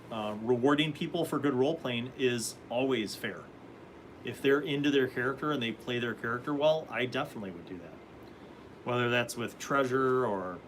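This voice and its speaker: A man's voice: medium pitch, a bit bright, slight background noise, rough recording. A man hosting a casual live stream, reading viewer comments and rambling through answers about tabletop games.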